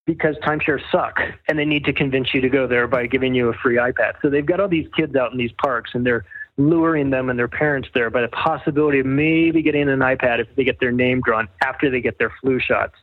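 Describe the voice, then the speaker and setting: A man rambles through his points with a wry, sardonic edge. His voice is mid-pitched and comes through a thin, phone-like line. The sound is dry, with no room around it. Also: fairly even intonation, quick pace, no room sound. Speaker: guest author. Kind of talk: casual interview storytelling.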